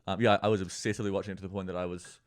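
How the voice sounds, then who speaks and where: A man with a New Zealand accent talks quickly in a low, smooth voice, rambling freely in relaxed podcast chat. The sound is close and dry, with no room around it. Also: no echo. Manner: rambling, quick, swears casually. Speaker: guest comedian.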